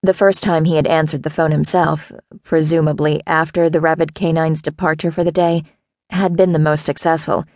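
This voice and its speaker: Low, gravelly woman narrating a book. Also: flat delivery, normal speed, darkish tone, no echo. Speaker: audiobook narrator. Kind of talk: scripted audiobook narration.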